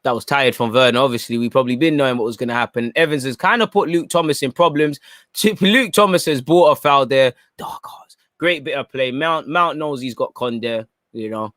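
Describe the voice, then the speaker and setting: A man's voice: mid-range voice, a bit bright, no echo, studio quality. A young man giving chatty live commentary during a football watchalong stream and reacting to viewer comments.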